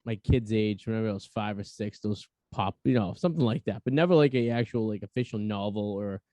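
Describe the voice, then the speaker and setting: A man's voice: fairly low pitch, a little fast, mellow, no echo. A man with a Boston accent hosting a podcast in casual chat, rambling with stammered restarts. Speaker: podcast host.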